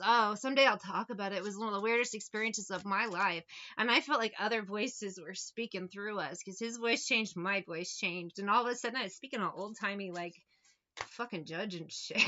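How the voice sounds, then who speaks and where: A woman's voice: fairly high pitch, pushed and bright, highs cut off. A woman giving a casual tarot reading, sassy and profane, who drifts off on tangents. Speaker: tarot reader.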